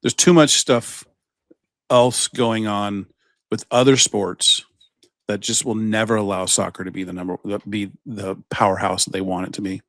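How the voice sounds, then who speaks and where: A man co-hosting a podcast, telling stories in a rambling, casual way and getting animated as he retells events. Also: fairly low pitch, normal speed, dry recording. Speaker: podcast co-host. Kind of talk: casual chat.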